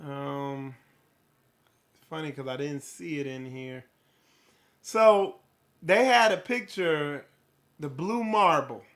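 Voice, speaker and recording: High-voiced, slow-talking man. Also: a bit bright. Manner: rambling, rhetorical questions, casual swearing. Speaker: host of a spiritual livestream. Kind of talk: casual livestream talk to viewers.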